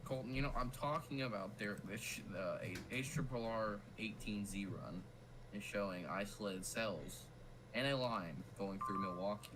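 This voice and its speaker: A young man with a Southern US accent, chatting casually while hosting a weather livestream, tripping over his words when excited. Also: on the low side, moderate pace, background noise. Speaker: weather stream host.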